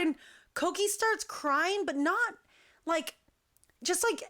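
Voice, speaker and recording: A woman who directs a dance crew, telling an animated, chatty story full of "like" fillers. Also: very high-pitched, takes it slowly. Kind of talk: casual storytelling.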